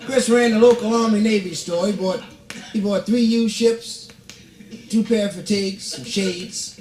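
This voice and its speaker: A man doing stand-up comedy, telling a story with playful, deadpan asides and drawn-out punchlines. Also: sits high. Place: stage before a live audience. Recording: roomy live stage recording, audience laughter.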